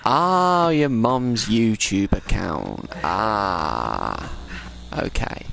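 A young man commentating live over a multiplayer game, excitable and swearing, his voice jumping high when startled. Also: very slow, vocal fry. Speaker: gaming YouTuber.

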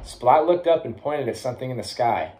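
A young man reads a children's picture book aloud for schoolchildren. His voice sits at a middle pitch, lively and animated, and he slips into quick character voices as he goes. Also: rough recording. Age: young adult. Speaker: college athlete reading aloud.

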